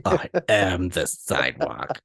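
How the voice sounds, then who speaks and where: A young man co-hosting a podcast, chatting casually and laughing often as he tells animated stories. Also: deep voice, slow, vocal fry, no room sound, studio quality. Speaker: podcast co-host. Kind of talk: casual chat.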